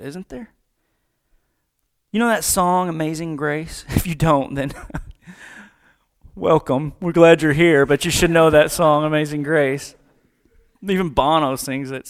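A man preaching a casual, joking sermon, acting out quick voices as he talks. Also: a little high, creaky. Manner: conversational, joking, acts out voices. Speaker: pastor.

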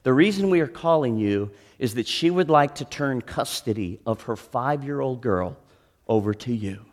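Middle-aged male pastor, earnest sermon storyteller, mid-pitched, dramatic pauses. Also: animated.

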